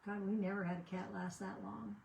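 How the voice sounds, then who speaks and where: A woman's voice: mid-range voice, level tone, fairly quick, creaky, a little mellow, a little hiss or hum, rough recording. An older woman chatting casually as she crafts at home, rambling and often trailing off mid-sentence. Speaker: crafting channel host. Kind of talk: casual chat while crafting.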